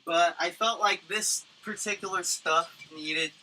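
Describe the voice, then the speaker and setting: A man's voice: high voice, fairly even intonation, measured pace, sharp tone, slight background noise, rough recording. A man from Tucson hosting a livestream, chatting casually in a profane, rambling way with lots of fillers, into a studio condenser mic. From Tucson, Arizona, USA. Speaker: livestream host. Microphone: studio condenser microphone.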